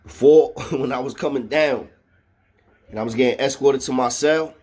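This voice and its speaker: A man's voice: medium pitch, moderate pace, a little mellow. Slangy New man telling a story. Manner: slangy and profane, with frequent "know what I mean". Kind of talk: casual storytelling.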